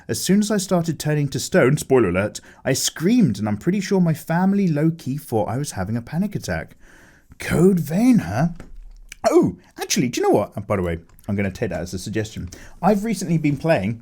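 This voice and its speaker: A man casually chatting with viewers while drawing, animated, with lots of fillers as he reads chat aloud. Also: mid-range voice. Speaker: art streamer chatting with viewers.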